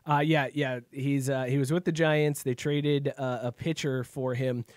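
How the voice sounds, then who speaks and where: A man co-hosting a casual podcast chat with friends, laid-back with lots of "uh"s and quick laughs. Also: medium pitch, little pitch movement, no echo, studio quality. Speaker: podcast co-host.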